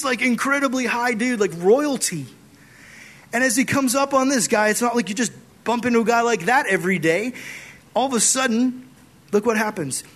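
A young man preaching a casual youth group sermon, animated and acting out conversations with God as he retells a Bible story. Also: sits high. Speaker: youth pastor.

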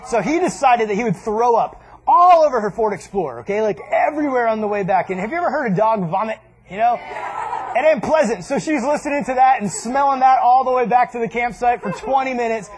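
A man's voice: very high-pitched, a little fast, slight background noise. A man casually telling a funny camping story to a group, acting out voices as he goes. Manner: animated, acts out voices and laughs.

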